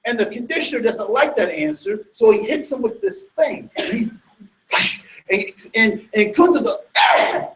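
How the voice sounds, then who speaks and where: A man giving an animated, emphatic sermon-like talk to an audience, full of rhetorical questions and restarts. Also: very high-pitched, normal speed, roomy sound, poor audio. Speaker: speaker addressing an audience.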